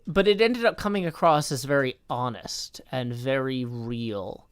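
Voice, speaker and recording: A man's voice: mid-range voice, normal speed, hardly any pauses, clear, resonant tone. A tired man chatting casually on a live stream, rambling and correcting himself as he reads out chat. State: tired from little sleep.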